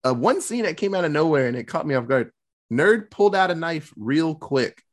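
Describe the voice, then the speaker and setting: A podcast host giving a casual, profane movie review, telling scenes in an animated way. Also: medium pitch, fairly quick.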